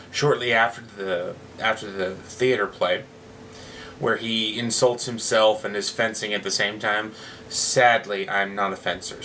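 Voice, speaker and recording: A man's voice: on the low side, fairly bright tone, slight background noise. A man talking casually to his viewers in a vlog, chatty and slightly hesitant. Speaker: vlogger.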